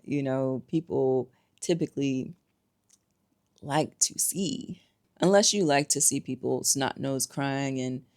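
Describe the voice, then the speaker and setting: A woman's voice: sits low, a little mellow. A woman giving emphatic, conversational commentary to camera, full of rhetorical questions. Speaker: spiritual vlogger.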